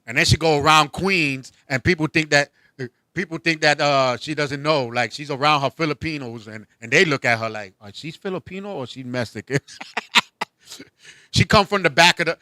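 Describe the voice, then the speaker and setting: Bright-voiced joking male talk host. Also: fairly high pitch, a little fast, few pauses, no echo. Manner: joking, animated, laughs often. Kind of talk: casual comedic chat.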